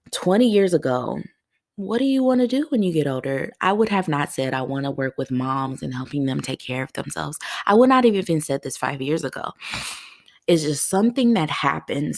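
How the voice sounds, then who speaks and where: A woman's voice: lowish voice, creaky. A woman hosting a heartfelt solo podcast, talking earnestly to her listeners, choked up at times. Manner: earnest, tearful and laughing through emotion. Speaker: podcast host.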